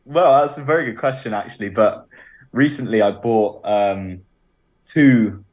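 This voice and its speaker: A man's voice: lowish voice, unhurried. A man, a band's drummer, answering radio interview questions with many ums and restarts. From Bristol, England. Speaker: band drummer, interview guest.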